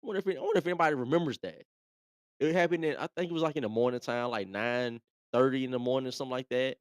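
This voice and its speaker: A man's voice: mid-range voice, rapid-fire, clear, resonant tone, no echo, clean studio sound. A man hosting a live show, talking in a laid-back, chatty way and often repeating himself. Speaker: host. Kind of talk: casual live commentary.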